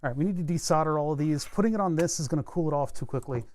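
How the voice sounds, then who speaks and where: A streamer who builds electronics talks very fast in a fairly high, slightly mellow voice while soldering and fixing a circuit board live. He thinks aloud in a rambling, casual way, cracks self-deprecating jokes, and keeps hiccuping and burping.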